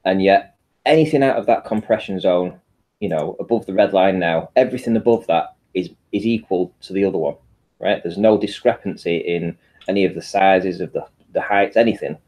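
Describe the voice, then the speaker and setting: Deep, mellow male voice. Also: fairly quick. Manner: explains step by step, many restarts. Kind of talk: casual explanation.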